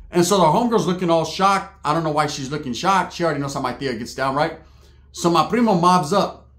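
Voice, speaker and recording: Man, slightly high voice, crude comic storyteller, roomy echo. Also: a little fast, a bit bright. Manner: slangy, crude, laughing asides. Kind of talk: comedic storytelling.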